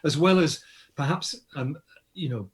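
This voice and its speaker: An older Australian man, a guest astronomer, explains science with enthusiasm in an interview, often restarting his sentences. His voice sits on the high side and is husky, and he speaks a little slowly.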